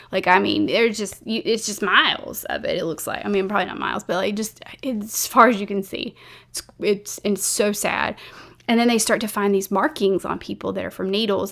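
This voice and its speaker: A woman host tells a true-crime story in a loose, chatty way, full of fillers and restarts. She speaks at a middle pitch, blunt and openly emotional about what she describes. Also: a bit bright. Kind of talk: casual storytelling to camera.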